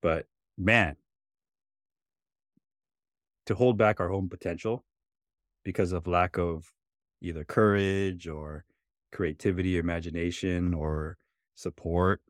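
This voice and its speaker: Low-pitched male podcast host, dry and close, reflective casual storyteller. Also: steady tone, unhurried, no room sound. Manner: reflective, many fillers like "right?" and "you know".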